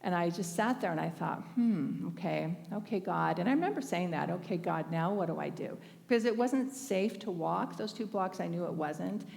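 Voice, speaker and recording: Woman speaker, sermon by anecdote, chatty with frequent laughs, fry in the voice. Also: lowish voice, lively intonation, moderate pace, hardly any pauses, big-room sound. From Northern California. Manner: conversational, laughs often, warm anecdotes. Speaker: speaker at a spiritual thanksgiving service. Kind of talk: storytelling sermon.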